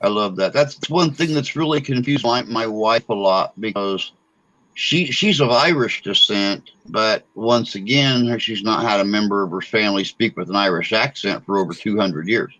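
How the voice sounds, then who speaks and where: A man's voice: lowish voice, normal speed, pushed and bright, muffled recording. A man telling rambling, self-deprecating stories in a casual chat.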